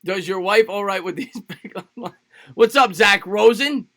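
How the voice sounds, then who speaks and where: A man with a high, bright, forceful voice calls a football game live for his stream. He fires off the action in short bursts, then greets viewers by name and jokes loosely between downs. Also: gravelly. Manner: rapid play-by-play calls, greets chatters by name; jokey and loose, repeats phrases. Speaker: livestream sports host. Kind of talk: live play-by-play commentary and chat reading.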